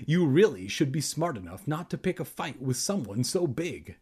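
A man voicing a stern, scolding middle-aged aunt in a comic storybook reading, with a husky voice. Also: a little high, very animated, normal speed, a little mellow.

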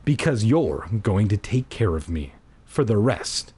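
A man reading aloud as a menacing young man who lives in a basement, speaking low, cold and insistent. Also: big pitch swings, a little slow, dark tone, husky, full character voice. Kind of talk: comedic dramatic reading.

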